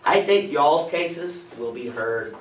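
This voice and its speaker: A man, a lawyer talking informally to a meeting of farmers in a folksy way, often asking "okay?", with a dry throat and a voice going hoarse. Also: fairly high pitch, lively intonation, takes it slowly, a little hiss or hum. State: losing his voice, dry throat. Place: meeting room with an audience. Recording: echoey room, voice from a distance.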